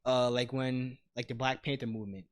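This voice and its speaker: A man's voice: mid-range voice, fairly even intonation, brisk. A man co-hosting a casual podcast, thinking aloud in a rambling way and swearing casually. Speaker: podcast co-host.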